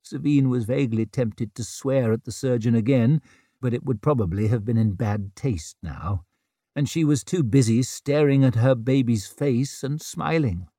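A man reading an audiobook in a slow, steady voice. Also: medium pitch, dry recording, studio quality. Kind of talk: audiobook narration.

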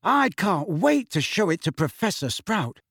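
In a heavily acted story reading, a man takes on the role of a clumsy, eager teenage boy wizard, speaking breathlessly, earnestly, and a bit flustered. His fairly high pitch sits above his own voice, swings widely, and carries a breathy edge at an unhurried pace. The recording is studio quality with no room sound.

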